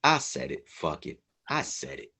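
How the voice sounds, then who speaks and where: A man's voice: rumbling low, sing-song, unhurried, vocal fry, bright, forceful tone, breathy edge. A man co-hosting a casual group podcast, speaking bluntly and heatedly with heavy profanity. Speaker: podcast co-host.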